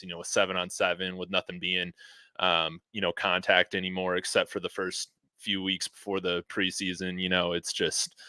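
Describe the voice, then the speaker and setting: A man with a low, bright, clear voice hosts a casual sports podcast, heard close up in a dry space. He stays laid-back and chuckles often, and he leans on easy fillers as he talks. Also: no echo. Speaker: podcast host.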